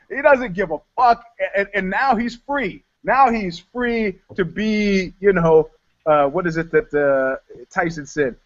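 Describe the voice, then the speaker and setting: A man co-hosting a casual chat, telling stories loudly and profanely and acting out the people in them. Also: sits high. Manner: profane, animated storyteller acting out quotes. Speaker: podcast co-host. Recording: dull lo-fi podcast audio.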